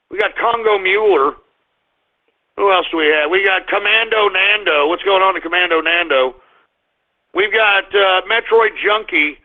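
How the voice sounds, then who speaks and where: Guy hosting a call-in radio show, blustery and exasperated, high-ish voice. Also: vocal fry. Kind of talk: live call-in radio rant. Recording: tinny phone-like sound.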